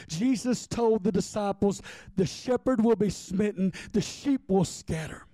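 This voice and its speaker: A man's voice: sits high, unhurried, dark tone, no echo. A man preaching a sermon with passion, in plain folksy speech, calling out to listeners by name. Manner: impassioned, talks straight to listeners by name.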